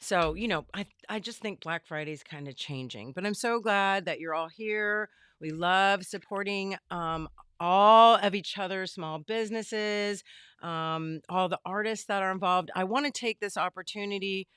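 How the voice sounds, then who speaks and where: Bubbly woman host, slightly hoarse. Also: mid-range voice, measured pace, fairly bright tone, no echo. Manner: bubbly, greets viewers by name. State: losing her voice. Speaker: livestream host. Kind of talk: casual livestream chat. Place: home craft studio.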